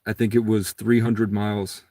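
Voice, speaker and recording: A man's voice: lowish voice, flat delivery, moderate pace, mellow, no echo. A man telling a long personal story in a casual, rambling monologue. He acts out the other people's lines in a raised voice.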